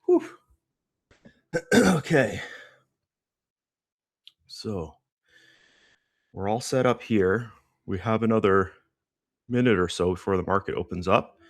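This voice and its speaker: A man with a low voice, a bit out of breath, chatting loosely through a live market session. His talk is rambling and full of fillers, and the sound is dry, with no room echo. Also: measured pace, pauses often. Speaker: trading livestream host. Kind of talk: casual live market commentary.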